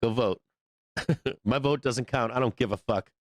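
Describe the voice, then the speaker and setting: Male livestream host, mid-pitched, dry close sound; loose profane rant with frequent laughs. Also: measured pace, no echo. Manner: profane, rambling, laughs often. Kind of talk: casual rant on a live show.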